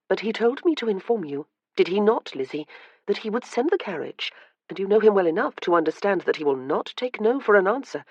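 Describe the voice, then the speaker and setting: An earnest, soft-hearted young lady of rank, read by a woman narrator, her voice a little breathy and airy. It sits in a dry, dull lo-fi recording with a muffled top end. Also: medium pitch, dry recording, pitched above the performer's own voice. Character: earnest gentle young noblewoman, warm-hearted. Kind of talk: audiobook character reading.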